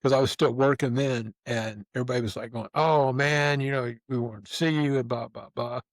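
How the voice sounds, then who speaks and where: A podcast host aged 50 or older leads a relaxed, casual storytelling chat, spinning loose anecdotes with colorful, swearing language, restarts, and acted-out quotes. He speaks a little fast in an ordinary mid-pitched voice, recorded close and dry with no room echo.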